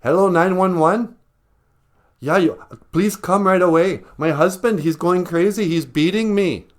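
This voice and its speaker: A man voicing a panicked woman calling the emergency line, pleading and frantic. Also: measured pace. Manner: frantic, pleading, high-pitched.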